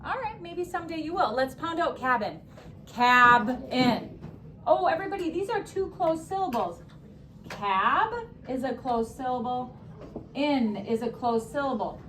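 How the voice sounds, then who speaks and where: A young woman teaching a classroom spelling lesson, upbeat, stretching words and throwing in quick asides. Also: high-pitched, lively intonation, slight background noise.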